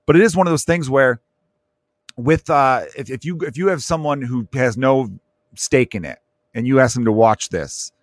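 A man in casual chat, rambling with many restarts and turning animated when he quotes other people. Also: mid-range voice, normal speed, no room sound.

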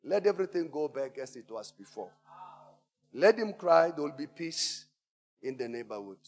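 A man preaching, voicing a grumpy male elephant in a fable with a slow, stern manner. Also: fairly high pitch, sing-song, a little mellow, voice pushed down. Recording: church hall reverb.

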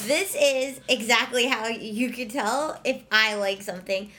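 A woman's voice: fairly high pitch, slow, few pauses, pushed and bright. A woman co-hosting a casual podcast chat, playful and teasing, laughing often. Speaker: podcast co-host.

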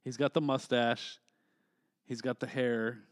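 A man's voice: mid-range voice, fairly even intonation, unhurried, dry recording, clean studio sound. A man co-hosting a casual movie review podcast, rambling and swearing freely, laughing as he talks. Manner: rambling, profane, laughs often. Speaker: podcast co-host.

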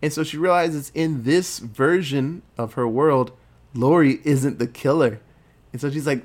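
A man casually retelling a movie plot in a lively, profane storytelling way. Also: mid-range voice, measured pace. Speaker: movie recapper.

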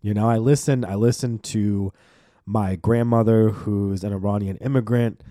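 Profane, animated young male podcaster. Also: fairly low pitch, moderate pace, no room sound, clean studio sound. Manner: profane, animated rant with lots of fillers. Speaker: podcast host. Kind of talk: solo podcast monologue.

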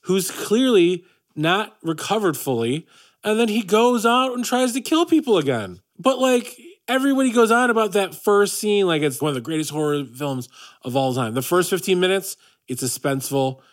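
Blunt, profane man with higher voice. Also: lively intonation, normal speed. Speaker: podcast co-host. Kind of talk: casual chat.

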